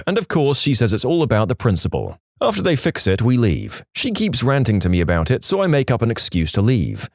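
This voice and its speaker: A man narrating reddit stories, telling them with lively storytelling and a mocking tone. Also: mid-range voice, dry recording, clean studio sound. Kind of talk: reading reddit stories aloud.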